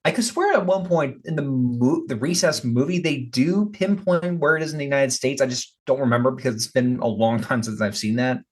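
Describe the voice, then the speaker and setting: Brief: male podcast guest, mid-pitched, easygoing, meandering chat. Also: a little fast, hardly any pauses.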